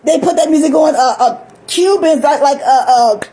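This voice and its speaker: A woman's voice: sits high, normal speed, dark tone, a little hiss or hum, rough recording. An older woman talking in a rambling, chatty monologue, often laughing and acting out little voices. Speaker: vlogger.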